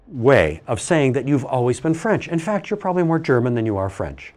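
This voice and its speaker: A middle-aged man giving a classroom lecture, animated and teasing, asking the class questions as he goes. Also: mid-range voice, normal speed, few pauses.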